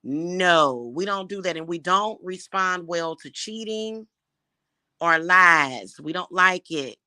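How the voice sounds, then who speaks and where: Sassy woman ranting love advice, sharp bright voice, swears a lot, dry close sound. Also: fairly low pitch, takes it slowly, clean tone, dry recording. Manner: blunt, emphatic, swears freely. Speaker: spiritual advisor giving love advice. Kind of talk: casual monologue.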